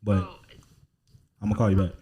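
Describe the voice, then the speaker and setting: A man's voice: fairly low pitch, little pitch movement, brisk, dark tone. A man hosting a podcast, chatting casually and joking with his cohosts. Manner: joking, laid-back banter. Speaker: podcast host. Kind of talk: casual chat.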